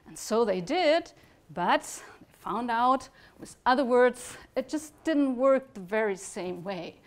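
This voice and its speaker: A woman telling a fairytale to a conference audience at an unhurried pace. Her voice sits on the high side and swings from lively to a near-whisper for effect. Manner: expressive, dropping to a whisper for effect. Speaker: lecturer telling a story. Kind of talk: storytelling to an audience. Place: conference talk.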